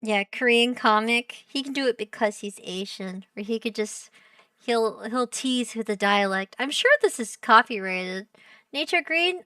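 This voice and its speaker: A woman's voice: a little high, unhurried, sharp tone, smooth, no echo, studio quality, far from the mic. A young woman streaming as a VTuber, chatting casually and playfully while reacting to a show, giggling and teasing her chat.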